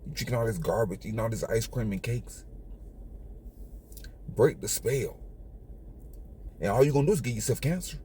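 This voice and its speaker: A man hosting his own channel lectures viewers in a preachy, repetitive monologue. His voice is medium-pitched and mellow, at a moderate pace with long pauses, and there's slight background noise.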